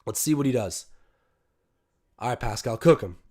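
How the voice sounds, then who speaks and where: A young man hosting a live-stream watch-along, commenting casually on the game, reading the chat aloud and breaking into loud cheers. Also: mid-range voice, normal speed. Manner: excitable, talks to chat, bursts of loud cheering.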